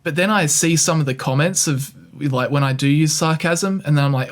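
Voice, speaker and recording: A man's voice: fairly high pitch, fairly quick. A young man co-hosting a podcast, talking in a rambling, sarcastic and self-mocking way. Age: young adult. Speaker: podcast co-host. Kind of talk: casual chat.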